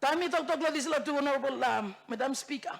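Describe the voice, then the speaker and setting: With a high, gravelly voice and a quick pace, this woman is a member of parliament from Bougainville, Papua New Guinea, speaking with a Bougainville accent. Her debate speech in the parliament chamber is impassioned, with repeated phrases for emphasis and shifts into Tok Pisin.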